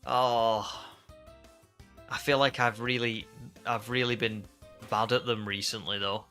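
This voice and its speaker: Male game streamer, bright forceful tone, self-deprecating chatter. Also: medium pitch, little pitch movement, unhurried, soft background music. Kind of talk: casual live-stream chat.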